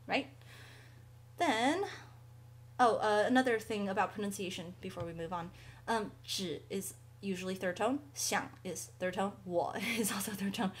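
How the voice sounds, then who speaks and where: A woman hosting a language lesson, explaining words casually with friendly asides. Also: on the high side. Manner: chatty, friendly asides, occasional light laughs. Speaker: language teacher and show host. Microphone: studio microphone.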